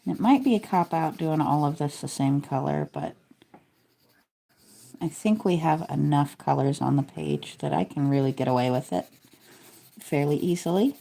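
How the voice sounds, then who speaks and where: Low, gravelly-voiced woman narrating her coloring. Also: normal speed. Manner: relaxed, chatty, self-deprecating. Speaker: coloring video creator. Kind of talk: casual narration while coloring.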